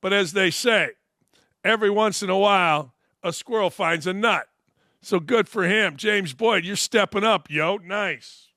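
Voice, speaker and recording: A brash man in his sixties hosting an opinionated sports talk show, rambling and animated. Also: high voice, measured pace, no echo, studio quality.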